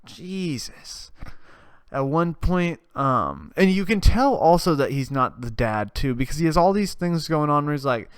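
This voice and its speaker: A man's voice: a little high, expressive, measured pace, clear, resonant tone, no room sound, clean studio sound. A man hosting a podcast, retelling a story in a casual, rambling way, swearing and laughing often. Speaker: podcast host.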